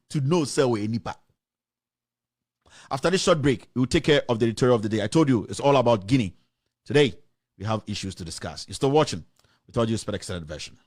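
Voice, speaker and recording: Fiery Ghanaian-accented male commentator. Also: mid-range voice. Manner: impassioned, indignant ranting; switches between English and Twi. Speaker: show host. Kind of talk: political commentary.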